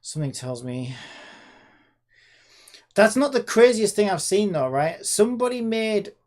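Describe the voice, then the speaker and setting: Sing-song and high, with a darkish tone, a man's voice moves at a measured pace. He chats sarcastically to himself while making a game, rambling through a casual screen-recorded dev vlog.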